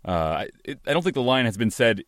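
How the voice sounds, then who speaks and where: A man's voice: medium pitch, big pitch swings, fast talker, fairly bright tone, no echo, clean studio sound. A man co-hosting a casual movie podcast, talking thoughtfully with frequent fillers and restarts. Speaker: podcast co-host. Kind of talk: casual movie commentary chat.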